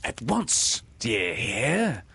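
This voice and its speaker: A man voicing a cocky boy hero who mimics a pirate captain's orders in a hushed, commanding whisper. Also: medium pitch, huge pitch swings, takes it slowly, vocal fry, slightly rough, voice pushed up, full character voice.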